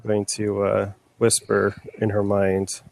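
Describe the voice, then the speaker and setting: A man playing a tabletop role-playing game, deliberately describing his character's actions in the first person. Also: fairly low pitch, completely flat delivery, vocal fry, a little mellow. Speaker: player.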